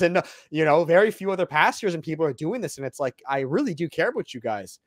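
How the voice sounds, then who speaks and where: A man's voice: on the high side, sing-song, quick pace, hardly any pauses, no echo, clean studio sound. A young man, an evangelist and guest, talking bluntly and emphatically, as if preaching. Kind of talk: casual interview talk.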